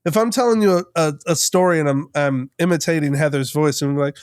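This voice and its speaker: A man's voice: fairly high pitch, animated, fast talker, clear, resonant tone, no room sound, studio quality. Rambling male podcast co-host. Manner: rambling, many restarts and "like" fillers. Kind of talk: casual chat.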